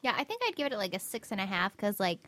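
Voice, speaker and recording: A woman's voice: mid-range voice, very animated, fast, fairly bright tone, dry recording. A woman co-hosting a casual podcast, chatting in an upbeat way during a taste test. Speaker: podcast co-host. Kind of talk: casual chat.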